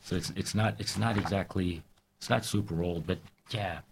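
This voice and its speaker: A man in casual conversation who reads poems aloud in a measured recital with pauses. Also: deep voice, fairly even intonation, creaky, a little hiss or hum. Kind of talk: casual chat and poetry reading.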